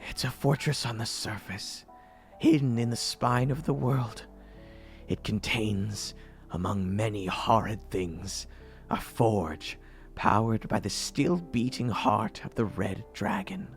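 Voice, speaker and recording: A man voicing a dying elderly woman who speaks slowly and solemnly in a hushed voice. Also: fairly low pitch, soft background music, pitched below the performer's own voice. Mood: grave.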